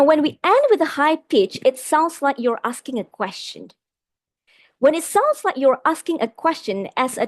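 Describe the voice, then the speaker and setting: A woman trainer with a Malaysian English accent and a high-sitting voice leads a live online webinar on vocal delivery, addressing her audience as "my dear friends" and reading out their replies. She varies her loudness and slows down for emphasis, in a studio-quality, echo-free recording.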